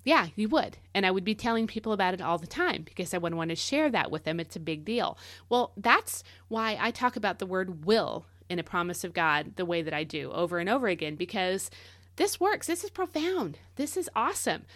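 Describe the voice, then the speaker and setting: A woman's voice: fairly low pitch, a little fast, hardly any pauses, a bit bright, dry recording, clean studio sound. A woman hosting a devotional podcast, teaching in a casual, conversational way and leaning hard on key words.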